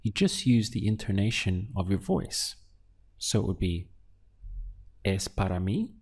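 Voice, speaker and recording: A man teaching useful phrases in a slow, clear lesson, giving prompts and then the model answers. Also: on the low side, darkish tone. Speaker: language teacher. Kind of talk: audio language lesson.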